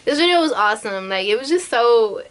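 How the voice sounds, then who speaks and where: Young woman reaction vlogger, bubbly and chatty with lots of slang, voice on the higher side. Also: lively intonation, a little fast. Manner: bubbly and chatty, heavy slang, laughs often. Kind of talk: casual reaction chat.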